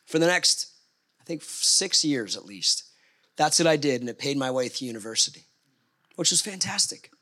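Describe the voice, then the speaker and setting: A middle-aged man telling a personal story in a sermon, with animated asides. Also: medium pitch, moderate pace.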